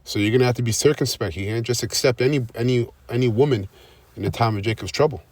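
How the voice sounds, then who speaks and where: A man's voice: mid-range voice, quick pace, darkish tone. A man preaching and commenting on scripture, driving each point home with repeated "all right?" checks. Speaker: religious teacher.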